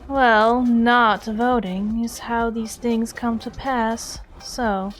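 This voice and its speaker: A woman's voice: fairly high pitch, fairly even intonation, extremely slow, soft background music. A woman reading a blunt cynical attorney. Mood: dry. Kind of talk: reading a game character aloud.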